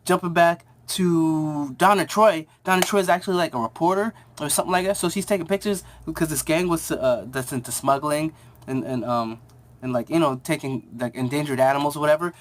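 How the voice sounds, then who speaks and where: Chatty show reviewer recapping an episode, lots of um and like, restarts, quick acted-out lines. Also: medium pitch, a little hiss or hum. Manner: rambling, with many fillers and restarts; acts out characters' lines in quick asides.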